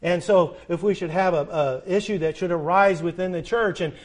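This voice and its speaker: A man's voice: high-pitched, normal speed. A middle-aged man preaching a sermon as pastor, building to emphatic peaks and asking the congregation repeated questions.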